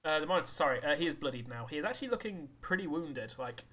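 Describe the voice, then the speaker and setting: A man's voice: on the high side, animated, quick pace, a bit bright. A man narrating combat as game master, often hesitating with uh and restarts.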